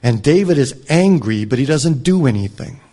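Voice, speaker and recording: A man reading a scripture passage aloud and commenting on it as a teacher, in a measured, reflective way. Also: medium pitch, animated. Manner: measured, reflective, drops soft on moving lines. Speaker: Bible teacher.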